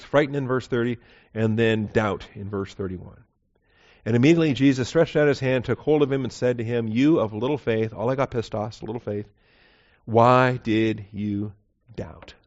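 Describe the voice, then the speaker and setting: Male Bible teacher, chatty and rambling, mid-pitched voice, muffled low-fi recording. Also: a little mellow. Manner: conversational, digressive, corrects himself aloud. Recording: dull lo-fi recording.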